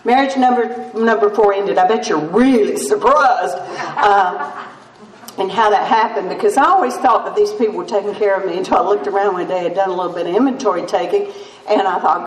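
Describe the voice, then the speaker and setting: A woman's voice: medium pitch, brisk. An older woman speaking at a recovery meeting, telling her story with self-mocking humor and laughs. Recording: roomy distant mic with faint noise.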